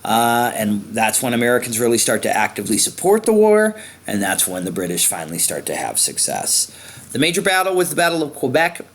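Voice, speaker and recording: A man's voice: mid-range voice, a bit bright. A man teaching a history lesson in a conversational way, with frequent fillers while he points at a map. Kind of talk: informal lecture.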